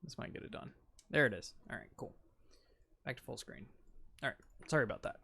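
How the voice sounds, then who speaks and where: A man streaming a video game, casually ranting and insisting on his point, sometimes trailing off quietly. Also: mid-range voice, expressive, brisk, creaky, husky.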